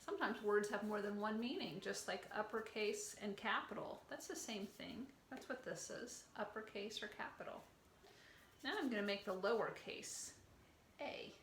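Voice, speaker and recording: A middle-aged woman leading a circle time lesson for young children, gentle and encouraging, praising each child by name. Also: mid-range voice, normal speed. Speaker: preschool teacher. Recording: echoey room with faint ambient noise.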